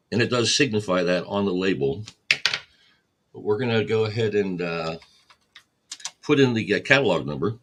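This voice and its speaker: A man's voice: fairly low pitch, fairly bright tone, husky. A man hosting a record store livestream, casually explaining each step while he catalogs vinyl. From United States.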